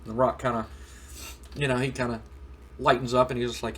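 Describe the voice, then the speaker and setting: A man's voice: mid-range voice, little pitch movement, fairly quick, slight background noise. A man hosting a gaming video, casually retelling a wrestling storyline with rambling fillers. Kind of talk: casual let's play narration.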